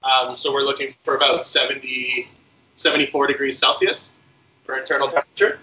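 A man, a guest chef, explaining a recipe step by step in a relaxed way with many fillers. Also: medium pitch, fairly quick, dull audio. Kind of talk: cooking demonstration.

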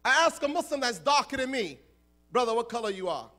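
High, bright, animated American imam. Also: male voice, fairly quick. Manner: animated, joking with the crowd, acts out voices. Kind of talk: lively youth lecture. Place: large conference hall.

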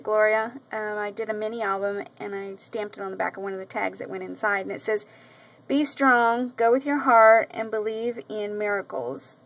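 On a rough camera-mic recording, a mid-range woman's voice chats casually about craft mail she received. It's a show-and-tell vlog in which she often gushes, with lots of ums and repeats. She is an adult with a daughter.

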